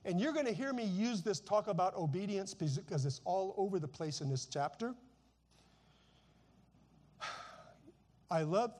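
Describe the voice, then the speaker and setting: A man's voice: high voice, a little mellow. A middle-aged man preaching a conversational sermon while seated, dropping frequent "you know" asides and repeating a phrase again and again for emphasis. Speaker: pastor.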